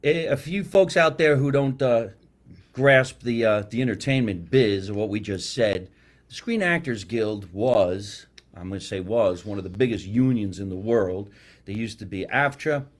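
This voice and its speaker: A man's voice: lowish voice, animated, moderate pace. Enthusiastic male podcast host. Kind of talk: casual interview chat.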